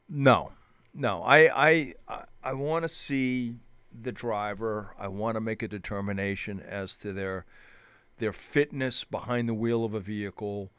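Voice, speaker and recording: A man, a police officer, telling an old traffic-stop story in a relaxed chat, restarting his sentences often. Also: mid-range voice, smooth, dry recording, clean studio sound. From New Hampshire, US. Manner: rambling, many restarts, animated retelling. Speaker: police officer guest on a show. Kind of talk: casual storytelling.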